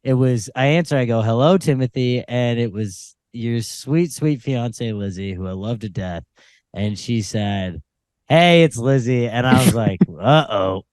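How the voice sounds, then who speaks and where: Young dude cohosting a podcast, normal pitch, laughs a lot, dry teasing, very dry sound. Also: male voice, lively intonation, a little slow, darkish tone, clear, resonant tone, no echo. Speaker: podcast co-host. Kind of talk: casual late-night podcast banter.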